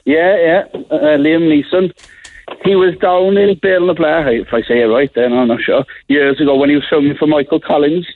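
A man's voice: fairly high pitch, fairly even intonation, dry recording. A man calling a radio show with a chatty anecdote. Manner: chatty, quick anecdote teller. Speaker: caller. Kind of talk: casual phone-in chat. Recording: tinny phone line.

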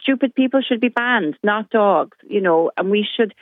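A woman's voice: medium pitch, normal speed, dry recording. Indignant woman on a phone line. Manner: indignant, animated storytelling. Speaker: caller. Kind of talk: phone-in call. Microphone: telephone.

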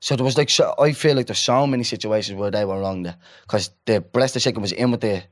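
A man, co-hosting a casual podcast and telling a story with lively asides, acting out the people he quotes. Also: fairly low pitch, fast. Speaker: podcast co-host. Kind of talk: casual chat.

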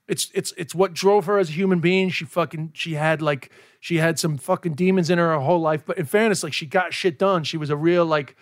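A man, around his forties, a comedian chatting on a podcast, telling stories in an animated way, acting out dialogue and swearing often. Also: sits high. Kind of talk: casual podcast interview.

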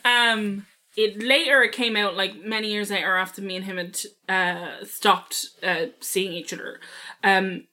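A woman's voice: medium pitch, steady tone, measured pace, bright, forceful tone. A young Irish woman in her twenties co-hosting a podcast, telling a candid story in casual chat, swearing freely and laughing often. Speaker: podcast co-host.

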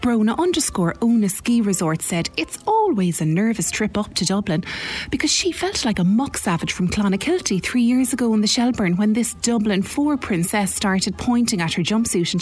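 A woman's voice: a little high, animated, moderate pace, a little mellow. A woman playing a posh, catty Cork woman who gossips about her friends, speaking with a Cork accent. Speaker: letter writer. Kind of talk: comic monologue.

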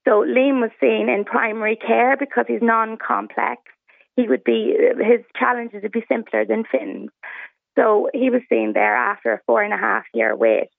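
An Irish woman in her thirties speaking by phone, hoarse from the flu, talking earnestly. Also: fairly high pitch, lively intonation, normal speed, dry recording. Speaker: caller. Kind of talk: phone interview. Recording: tinny phone line.

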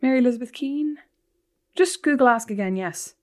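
A woman co-hosting a podcast with her sister, teasing her and telling stories in a lively, casual way. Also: high-pitched, a little fast. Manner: teasing, animated storyteller. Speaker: podcast co-host. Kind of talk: casual chat.

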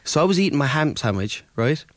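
A man's voice: on the high side, sing-song, a little fast, no room sound. An Irish man, a DJ guest on a radio show, chatting easily and telling stories with plenty of ums. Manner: easygoing storyteller, many ums and mates. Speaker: DJ and producer guest. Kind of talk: casual radio interview chat. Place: radio studio.

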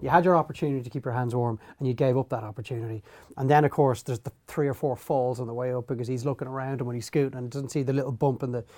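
A middle-aged man, a podcast co-host telling animated stories about parenting and mimicking himself shouting at his kids. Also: mid-range voice, very fast. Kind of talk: casual chat.

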